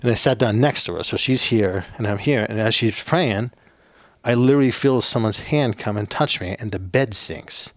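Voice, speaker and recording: A man's voice: on the low side, moderate pace, no room sound. A man from a Navajo reservation, a podcast guest, telling stories in a rambling casual way with lots of fillers and cursing. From Navajo reservation, United States. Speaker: podcast guest, former soldier. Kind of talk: casual storytelling.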